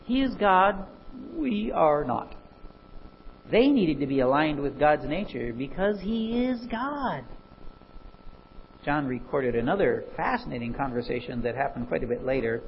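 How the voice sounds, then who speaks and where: A man preaching a sermon, animated and full of rhetorical questions. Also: on the high side, unhurried, muffled recording, a little hiss or hum.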